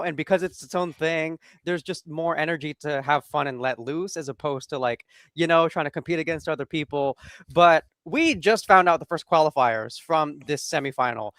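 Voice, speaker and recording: An easygoing male co-host who laughs often and steers the conversation with questions. His voice sits a little high and moves around a lot. It is recorded dry and close. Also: animated, normal speed, a bit bright, dry recording. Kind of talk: casual live-stream chat.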